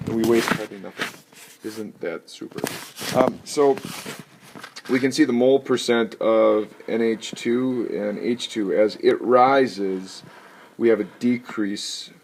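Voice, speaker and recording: Playful, low-voiced male chemistry teacher. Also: slow pace. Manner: playful, animated, jokey asides. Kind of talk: recorded lecture. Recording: noisy recording with clicks.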